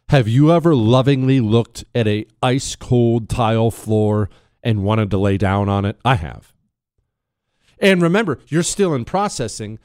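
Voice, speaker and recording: A man's voice: mid-range voice, expressive, normal speed, a little mellow, no room sound, studio quality. A man hosting a talk radio show, telling a story in a monologue. He leans hard on his points, repeats lines for effect and throws questions at the listener.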